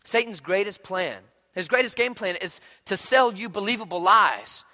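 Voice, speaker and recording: A pastor preaches with a bright, high voice and an animated, chatty delivery. He slips into quoted asides to make his points. The sound carries a long, ringing reverb from a large sanctuary. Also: moderate pace. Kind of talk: sermon. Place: church sanctuary.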